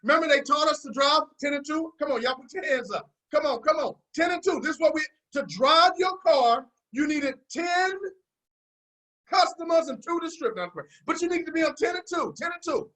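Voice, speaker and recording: A man's voice: extremely high pitch, lively intonation, fairly quick, hardly any pauses, bright, forceful tone, low-quality recording. A man leading a motivational business seminar, confident and preachy, with call-and-response and repeated key phrases. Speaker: network marketing team leader.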